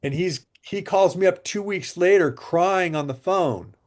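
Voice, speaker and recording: His voice is high and unhurried as he talks, a guest in a casual interview. This water machine seller is an animated storyteller, re-enacting what people said in his sales anecdotes.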